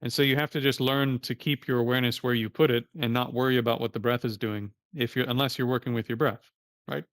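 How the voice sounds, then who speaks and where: A man's voice: medium pitch, fairly even intonation, quick pace, fairly bright tone, no room sound, studio quality. Casual plain-spoken male meditation teacher. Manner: casual, plain-spoken, curses now and then. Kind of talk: livestreamed meditation class.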